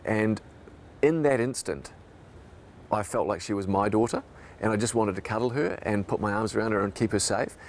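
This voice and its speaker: Gravelly New broadcaster. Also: male voice, on the low side, normal speed, slight background noise. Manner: reflective, emotional. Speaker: radio broadcaster. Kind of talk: recalled interview testimony.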